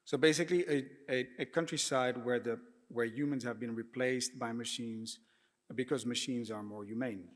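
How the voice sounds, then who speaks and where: Man giving a halting prepared talk in an echoey hall. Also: medium pitch, fairly even intonation. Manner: measured, with frequent hesitations and throat clearing. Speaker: panel speaker, architect. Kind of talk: prepared talk at a public panel.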